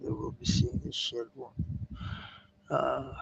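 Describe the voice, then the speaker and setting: A man rambling in a halting live-stream monologue, repeating words, trailing off and swearing. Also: mid-range voice, wildly swooping pitch, gravelly, slight background noise, poor audio. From Denmark.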